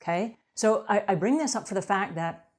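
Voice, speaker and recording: A woman's voice: medium pitch, brisk, a little mellow. A middle-aged woman giving an earnest motivational talk to cleaning business owners, often checking in with "okay?".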